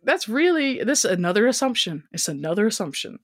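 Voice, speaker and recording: Giggly lady cohost reading bits out loud and cracking jokes. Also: medium pitch, sing-song, a little fast, no echo, clean studio sound. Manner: giggly, reads excerpts aloud with quips. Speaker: podcast co-host. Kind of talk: casual comedic book review. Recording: home recording with thumping from upstairs.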